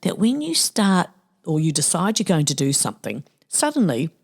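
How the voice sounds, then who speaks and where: A woman's voice: lowish voice, big pitch swings, normal speed, vocal fry, husky. A middle-aged woman with a New Zealand accent hosting a solo podcast in a playful, tongue-in-cheek, chatty way. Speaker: podcast host. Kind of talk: casual solo podcast monologue.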